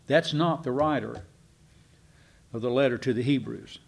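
A man with a drawl teaches from scripture in a relaxed, conversational way. His voice sits in an ordinary middle pitch. He wanders off on asides and slows right down when he wants a point to land. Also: vocal fry. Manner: folksy and digressive, slows down for emphasis. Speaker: preacher.

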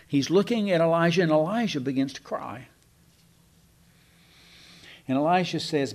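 A man's voice: fairly high pitch, expressive, normal speed, long pauses. A man teaching a Bible class in a folksy, rambling way, with asides to his listeners.

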